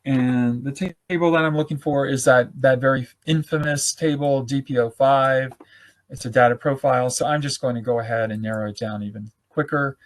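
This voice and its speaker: Man talking through a software demo. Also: mid-range voice, fairly even intonation, brisk. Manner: informal, self-correcting, thinks aloud. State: losing his voice. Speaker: webinar presenter. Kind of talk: live software demonstration.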